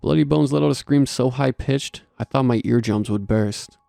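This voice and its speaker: A man narrating a horror story in a steady scripted delivery. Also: medium pitch, moderate pace, vocal fry, dry recording, faint music behind.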